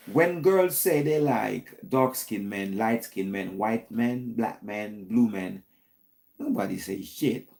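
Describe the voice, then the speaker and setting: A man's voice: lowish voice, measured pace, gravelly, darkish tone. A man hosting a call-in stream, musing aloud in a casual, hedging, teasing monologue.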